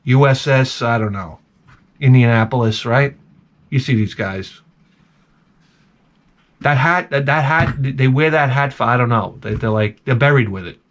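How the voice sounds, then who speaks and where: A man's voice: mid-range voice, moderate pace, long pauses. A man telling a comic rant about a bad day, exasperated, profane and self-mocking. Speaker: comedy vlogger.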